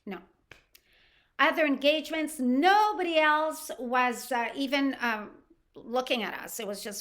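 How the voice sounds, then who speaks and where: A middle-aged woman from Canada, a podcast host telling a personal story in a casual, animated way with frequent restarts. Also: high voice, a little slow.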